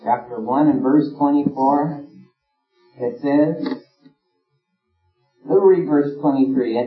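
A man's voice: medium pitch, takes it slowly, long pauses. A man preaching a sermon in an earnest manner, his emphasis rising and falling. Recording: roomy, distant, dull lo-fi sound with faint music.

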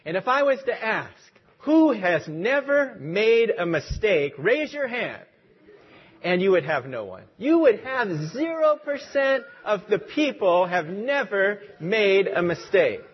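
A man's voice: high-pitched, big pitch swings, unhurried, slightly rough, muffled recording. A man preaching a sermon as pastor, leading a prayer and telling stories in an earnest, lightly humorous way.

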